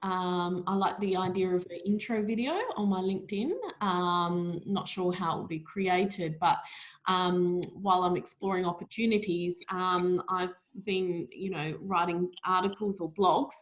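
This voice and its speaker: A woman attending an online meetup over a video call, speaking in a measured way with many pauses. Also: lowish voice, flat delivery, low-quality recording.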